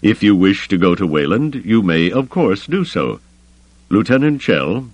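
A man voicing a calm, calculating grand admiral. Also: fairly low pitch, dry recording, pitched above the performer's own voice. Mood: commanding. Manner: smooth, soothing, measured.

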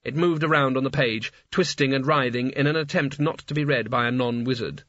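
A man reading a story aloud as narrator in an even storytelling manner. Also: medium pitch, fairly quick, no echo, highs cut off. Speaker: audiobook narrator. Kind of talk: scripted narration.

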